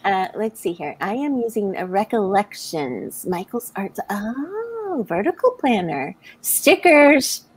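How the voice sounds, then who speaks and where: A woman's voice: medium pitch, sing-song, slow pace, hardly any pauses, breathy edge, low-quality recording. An American woman hosting a live writing stream, chatting casually, laughing often and reading viewer comments aloud. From United States. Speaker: livestream host.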